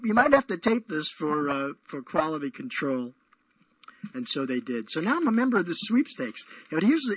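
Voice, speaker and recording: A man with a slightly high, somewhat bright voice hosts a casual call-in radio show. He chats playfully, rambling and teasing as he goes. The audio is dull, lo-fi radio sound.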